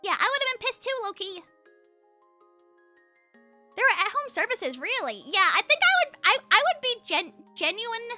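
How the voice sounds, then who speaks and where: Bubbly high-voiced young woman streamer. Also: very animated, normal speed, long pauses, sharp tone, soft background music. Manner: rambling, frequent fillers and repeated restarts. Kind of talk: casual livestream chat.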